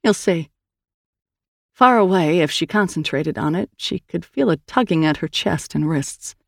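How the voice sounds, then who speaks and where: A woman's voice: animated, normal speed, vocal fry, dry recording, studio quality. A woman reading an audiobook story aloud, lifting her voice for the characters' lines. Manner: voices characters with raised pitch. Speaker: audiobook narrator. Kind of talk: scripted audiobook narration.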